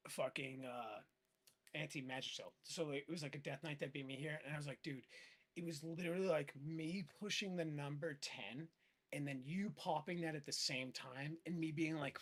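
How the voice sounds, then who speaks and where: A man, a gaming streamer, telling rambling stories in casual, profane chat full of filler words. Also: high-pitched. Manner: rambling, animated, heavy swearing and filler words.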